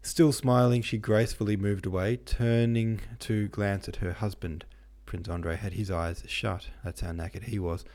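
A man's voice: on the low side, steady tone, normal speed, a little mellow. A man narrating a classic novel in casual, profane modern slang, irreverent in manner.

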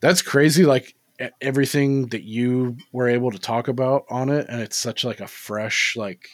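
A man's voice: mid-range voice, steady tone, moderate pace, no echo. A man co-hosting a podcast in casual chat, laid-back, swearing freely and full of "like" fillers. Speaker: podcast co-host.

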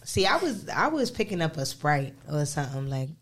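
A woman's voice: low voice, very animated, a little fast. A woman co-hosting a casual chat, brash and sarcastic. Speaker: podcast co-host.

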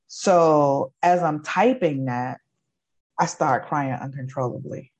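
A woman's voice: deep voice, slow pace, darkish tone. A woman in her forties, an educator, giving an emotional personal testimony in an earnest, repetitive storytelling way. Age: 40s. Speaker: guest, educator.

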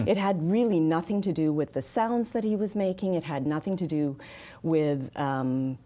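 Her voice is low-pitched and warm. She works as a speech and accent specialist and handles interview questions in a calm, practical manner, peppered with fillers.

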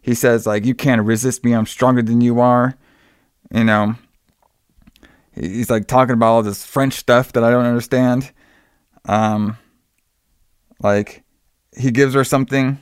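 A man loosely recounts a film's plot in a casual chat, leaning on fillers and quoting characters as he goes. His voice is smooth and resonant, at an ordinary pitch. The recording is dry and close, with no room sound. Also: fairly even intonation, measured pace, long pauses, dry recording. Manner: loose, filler-heavy retelling with quoted lines.

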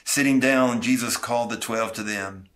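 A man's voice: medium pitch, moderate pace, a bit bright. A male pastor preaching an expository sermon, earnestly retelling scripture with asides and small restarts.

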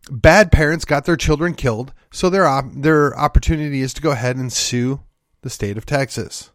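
A man's voice: mid-range voice, no echo, clean studio sound. A man from Wisconsin hosting his own podcast, delivering an opinionated political monologue in a folksy, emphatic, sardonic way. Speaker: podcast host.

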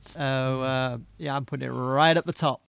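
A man's voice: medium pitch, steady tone, normal speed, gravelly, fairly bright tone, clean tone, dry recording, clean studio sound. A British man on a podcast panel, chatting casually and handing out playful mock-grand verdicts. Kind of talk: casual chat.

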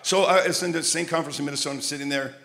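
An older male preacher from Montreal, telling humorous stories in his sermon and rising to loud, emphatic peaks. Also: a little high, steady tone, rapid-fire. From Montreal, Canada.

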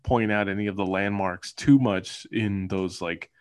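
A man's voice: deep voice, fairly even intonation, a little slow. A man co-hosting a casual movie podcast, musing about filming locations in a rambling way with many fillers. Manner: rambling, filler-heavy, thoughtful asides. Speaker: podcast co-host.

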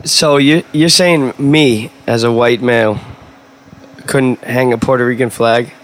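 A man's voice: mid-range voice, fairly even intonation, unhurried. A man co-hosting a podcast, joking and tossing out provocative questions. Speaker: podcast co-host. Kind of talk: casual podcast chat.

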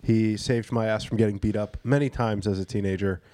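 A man co-hosting a podcast in casual banter, joking and slipping into quick impressions of other people. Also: on the low side, steady tone, warm tone, no room sound. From Pennsylvania, US. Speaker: podcast co-host.

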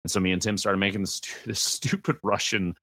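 A man, a guest streamer on a gaming podcast, telling animated stories and acting out quotes. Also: fairly low pitch, a little fast, breathy edge, no room sound. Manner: animated storyteller, acts out quotes. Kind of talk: podcast conversation.

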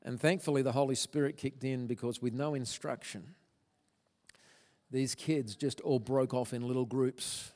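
A man's voice: mid-range voice, steady tone, moderate pace, a little mellow. Man telling his testimony in a hall. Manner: earnest, stumbling restarts, grows emotional. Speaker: guest speaker. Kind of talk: testimony talk to a church audience. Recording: long hall reverb.

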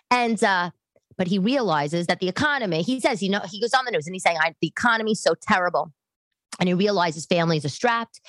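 Recorded with no room sound on a camera setup at home, a thirtysomething New York woman who hosts a podcast talks to camera in her living room. Her voice is low, and her chat wanders with plenty of self-deprecation.

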